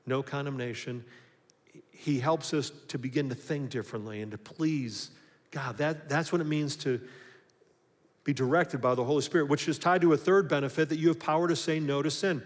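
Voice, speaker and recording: A pastor giving a sermon, telling a personal story and building to emphatic points. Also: male voice, fairly high pitch, moderate pace. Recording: long hall reverb.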